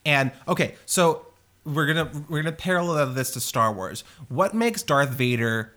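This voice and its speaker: A man hosting a casual movie review chat, animated and crude, with lots of fillers. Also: on the high side, normal speed.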